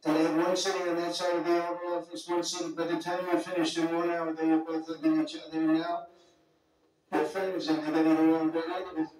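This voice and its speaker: Guy rambling through a speech, kinda high voice, really echoey big room. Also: flat delivery, fairly quick, darkish tone. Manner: rambling, digressive, folksy asides. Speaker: speaker greeting leaders at a summit. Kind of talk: off-the-cuff public speech. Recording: very echoey hall, distant mic, faint music.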